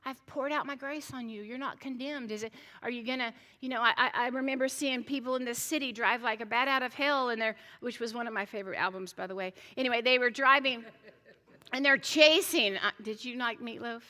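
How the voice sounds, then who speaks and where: A middle-aged woman pastor preaches in a high, bright, forceful voice. She tells stories in a chatty way, restarting her sentences and slipping in jokey asides. Her voice carries the long reverb of a church hall. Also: a little fast. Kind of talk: sermon.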